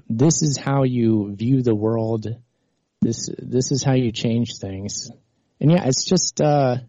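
A man's voice: on the low side, dark tone, dry recording, muffled recording. A man hosting a live talk stream, arguing with a caller and then rambling on, exasperated, with many restarts. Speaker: livestream host. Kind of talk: heated political call-in argument, then rambling monologue.

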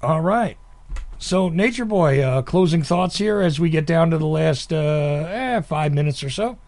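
A man's voice: on the high side, expressive, measured pace, darkish tone. A man hosting a casual call-in podcast, chatty and laughing often between his fillers. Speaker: podcast host.

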